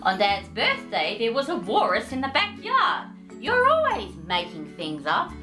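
A tattling big sister from a storybook, as a woman reading aloud voices her, sharp and mocking. Her voice swoops widely, with music under it. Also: fairly high pitch, wildly swooping pitch, unhurried, echoey room, exaggerated voice. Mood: scolding.

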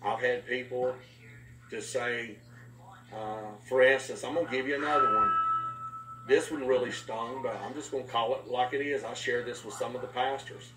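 A man preaching a sermon as a pastor, telling a story with voiced quotes in an animated way. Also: mid-range voice, normal speed. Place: live-streamed talk. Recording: echoey room from far off, faint noise.

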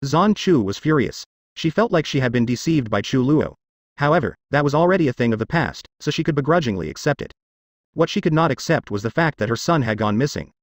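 A man narrating a fantasy webnovel as an audiobook in steady, expressive storytelling. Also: medium pitch, brisk, dry recording, studio quality.

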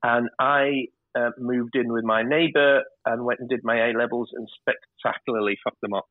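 A television director in his fifties, with a northern English accent, tells stories candidly as an interview guest and swears freely. His medium-pitched voice has fairly even intonation and a moderate pace. The recording is dry, like a muffled phone line.

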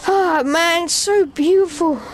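Brief: female gamer, playful and slangy, slow and drawn out, very high voice. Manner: excitable, playful, slangy, often laughing. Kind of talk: casual gaming commentary.

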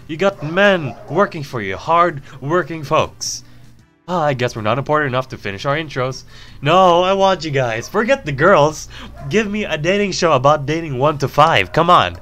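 A man hosting a let's play, reading game text aloud and reacting with animated jokes and exclamations. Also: fairly high pitch. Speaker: gaming video host.

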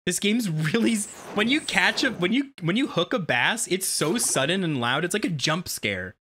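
A game streamer giving casual let's-play commentary, excitable and quick to swear and yelp at sudden scares. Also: mid-range voice, a little hiss or hum. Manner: excitable, swears a lot, yelps at jump scares.

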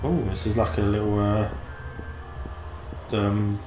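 A man's voice: fairly low pitch, steady tone, takes it slowly, roomy sound, noisy background. A man co-hosting a let's play, swearing and joking through casual gameplay commentary. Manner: sweary, joking, puts on silly voices.

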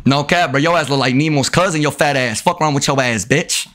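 A man's voice: fairly high pitch, brisk, fairly bright tone. A young man live streaming and video-chatting with strangers, brash and heavy on profanity, talking straight to his chat.

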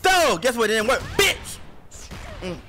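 A high, animated man with streams a fighting game live. He trash-talks his opponents with brash, profane taunts in a bright, forceful voice, and faint music plays behind him. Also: unhurried, slight background noise. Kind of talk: trash-talking live gameplay commentary.

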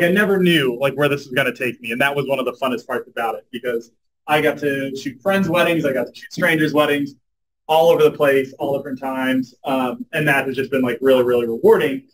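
Man, young adult, lively storytelling talk, full of fillers. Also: mid-range voice, poor audio. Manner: animated, says "like" and "um" a lot. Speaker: guest speaker at a club meeting.

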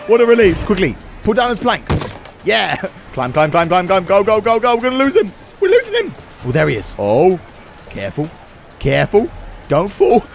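A man commentating on a video game playthrough in an excitable, exclaiming way. His voice sits high and swings wildly in pitch. Game music plays behind him. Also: moderate pace, vocal fry. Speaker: gaming YouTuber. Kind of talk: let's-play commentary.

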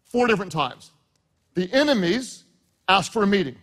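A man's voice: high-pitched, big pitch swings, moderate pace, a bit bright. A pastor preaching a sermon to his congregation, emphatic and playful, drawing the audience into call-and-response.

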